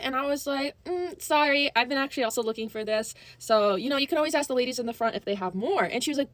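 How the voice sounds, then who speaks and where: A woman's voice: high voice, lively intonation, racing, few pauses, dry recording. A young woman telling a dramatic story-time tale, acting out the dialogue. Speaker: storyteller in a social media clip.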